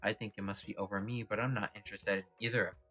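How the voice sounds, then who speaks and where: A man's voice: on the low side, steady tone, very fast, pushed and bright, breathy edge, soft background music. A man voicing an ambitious young woman student, coy and dismissive.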